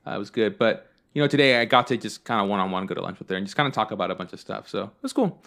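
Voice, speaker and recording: A man's voice: lowish voice, expressive, very fast, creaky, a bit bright. A man hosting a podcast, chatting casually and telling rambling stories full of fillers and swearing. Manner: rambling storyteller, swears freely, many fillers. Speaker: podcast host. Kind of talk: casual chat.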